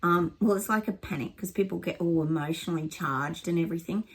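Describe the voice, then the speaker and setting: Husky low-voiced woman giving a psychic reading. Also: fairly quick. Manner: rambling, emphatic, many ums and restarts. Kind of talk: psychic reading monologue to camera.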